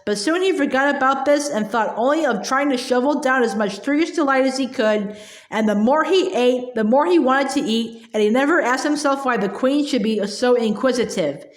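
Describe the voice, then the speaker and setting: Woman, calm storybook narration, high voice, roomy echo. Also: moderate pace. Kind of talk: storybook read-aloud. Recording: echoey room.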